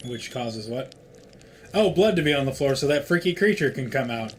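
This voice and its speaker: A man's voice: medium pitch, lively intonation, moderate pace, slight background noise. Joking, profane young man. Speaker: gaming co-host. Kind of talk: casual let's-play chat.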